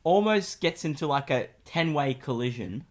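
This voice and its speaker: A young man from Australia co-hosting a casual podcast, telling stories in an animated, swearing way. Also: a little high, moderate pace. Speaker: podcast co-host. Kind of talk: casual chat.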